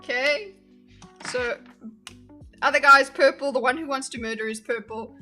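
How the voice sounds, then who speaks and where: Soft background music accompanies a high-pitched, bright, forceful female voice at normal speed. The streamer chats and giggles through a casual reaction stream, talking with viewers about videos while drawing a diagram.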